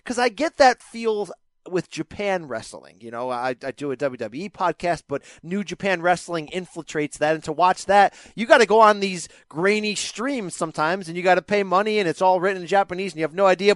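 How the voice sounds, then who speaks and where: A man hosting a podcast, chatting in an animated way with casual slang. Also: sits high, fairly quick, no room sound. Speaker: podcast host.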